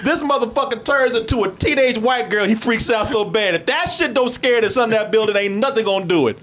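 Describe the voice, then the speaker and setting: A man's voice: high voice, fairly quick, a bit bright, a little hiss or hum. A man chatting casually about a movie, laughing and swearing as he acts out scenes. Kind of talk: casual movie review chat.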